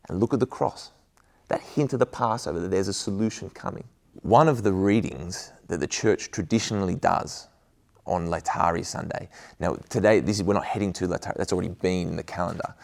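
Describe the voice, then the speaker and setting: Guy with a low gravelly voice doing an earnest devotional talk, chatty, lots of ums. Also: a little mellow. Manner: earnest, conversational, with frequent ums. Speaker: school chaplain giving a devotional.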